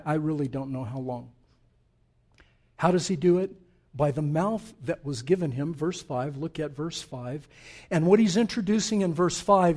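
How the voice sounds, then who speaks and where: Male pastor, high voice, lively emphatic sermon delivery with asides to the congregation.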